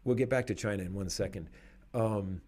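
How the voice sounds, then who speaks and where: A man in casual conversation, talking in an animated, opinionated way and laughing often. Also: on the low side, brisk.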